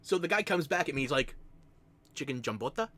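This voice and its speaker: A man's voice: fairly high pitch, fast, sharp tone. A man from the United States with a New Jersey accent, chatting casually on a stream and telling self-mocking stories with frequent laughs.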